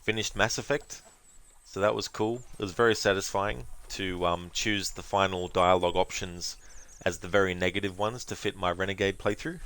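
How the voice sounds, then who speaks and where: Low-voiced guy chatting on stream. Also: steady tone, moderate pace, fairly bright tone. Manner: chatty, rambling, thanking viewers, breaks into silly voices and laughs. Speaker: game streamer. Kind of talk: casual live-stream chat.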